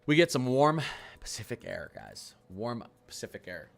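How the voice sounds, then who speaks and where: A man giving a casual livestream weather forecast, talking quickly and excitably as he chats through model maps. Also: medium pitch, vocal fry, soft background music.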